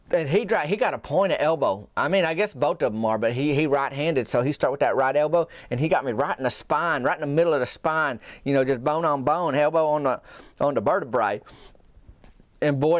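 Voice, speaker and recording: A man's voice: on the high side, no room sound, studio quality. Folksy man spinning a tall tale. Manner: folksy, meandering, deadpan asides. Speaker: podcast host, storyteller. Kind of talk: rambling comic tall tale.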